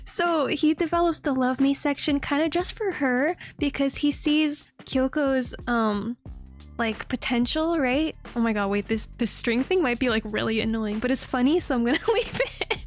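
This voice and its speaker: A young adult woman streamer chatting casually, giggly and excitable, on a desk mic. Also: high voice, normal speed, soft background music. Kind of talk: casual chat.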